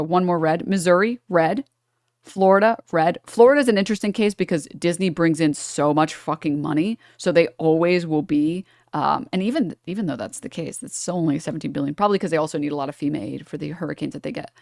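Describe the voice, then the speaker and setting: A woman's voice: sits low, brisk, vocal fry, a little mellow, no room sound, studio quality. A woman from New York streaming live, talking to her chat and thinking aloud over charts in a sarcastic, condescending tone.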